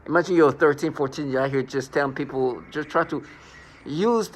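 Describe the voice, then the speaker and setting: A man's voice: a little high, brisk, slight background noise. A man rambling through a scornful personal monologue, restarting and repeating words as he goes. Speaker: vlogger.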